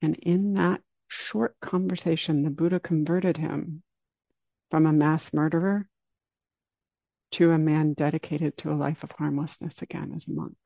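A man giving a dharma talk, telling a story in a calm, unhurried way and slowing down for emphasis. It is a dull lo-fi recording. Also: on the high side, creaky, no echo. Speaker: meditation teacher.

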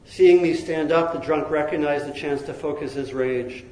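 A man narrating a story in a lively, expressive way, now and then laughing between lines. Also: fairly high pitch, normal speed. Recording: roomy echo.

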